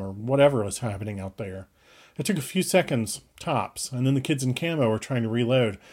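A man reads a first-person story aloud at a medium pitch. His delivery is brisk and urgent, pushing through action scenes with shifting tempo. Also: a little mellow. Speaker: audiobook reader. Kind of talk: first-person fiction narration.

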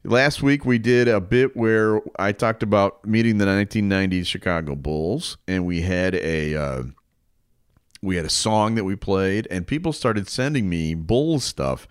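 Man, podcast host, low voice, smooth, dry studio sound, rambling casual chat. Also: measured pace, dry recording. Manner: rambling, loose, many fillers.

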